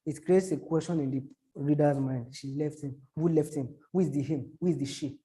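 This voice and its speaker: A man teaches online marketing in a halting, repetitive way. His voice sits fairly high but sounds mellow and soft-edged. He keeps breaking off to act out short examples. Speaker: social media marketing teacher. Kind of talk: explaining to a small audience.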